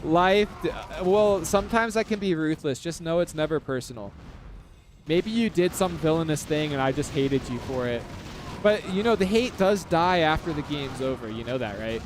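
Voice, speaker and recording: Sex: man. Role: live stream game commentator. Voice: fairly high pitch. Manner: chatty, analytical, filler-heavy. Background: faint noise. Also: animated, moderate pace.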